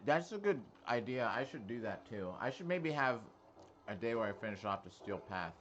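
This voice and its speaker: A man's voice: mid-range voice, big pitch swings, moderate pace, fairly bright tone, lo-fi sound. A man chatting casually while streaming a video game, rambling and answering viewers' questions. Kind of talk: casual gameplay chat.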